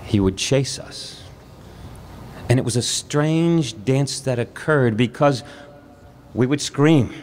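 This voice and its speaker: A man telling a personal story at a live storytelling event, in a measured, reflective way with dramatic pauses. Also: mid-range voice.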